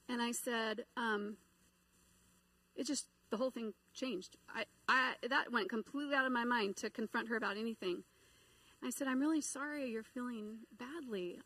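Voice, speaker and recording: A middle-aged woman giving a sermon, telling a personal story in an animated way and acting out the voices she quotes. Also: on the high side, no room sound, low-quality recording. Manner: animated, acts out quoted voices and inner dialogue. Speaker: preacher.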